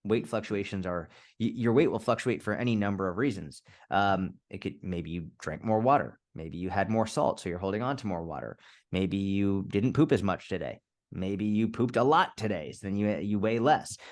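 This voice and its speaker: A man's voice: on the low side, a little mellow. A man being interviewed as a fitness coach, speaking casually and candidly, swearing now and then and acting out little scenarios. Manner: candid, swears, quick restarts, acts out scenarios. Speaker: fitness coach, podcast guest.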